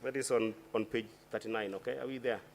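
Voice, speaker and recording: A man, a senator questioning a witness at a formal hearing in a deliberate, formal way, often restarting his phrases. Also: medium pitch, steady tone, gravelly, a little hiss or hum. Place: committee hearing chamber.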